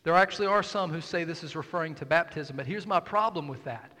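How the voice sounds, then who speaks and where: A man preaching a sermon as pastor, swinging between hushed near-whispers and loud emphatic calls. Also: a little high, quick pace. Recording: long reverb of a large hall.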